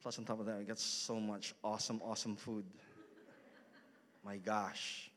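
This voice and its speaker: A man's voice: lowish voice, level tone, moderate pace, fairly bright tone, a little hiss or hum. A man in his thirties preaching a casual storytelling sermon in a church hall, chatty and full of asides to the congregation. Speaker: pastor.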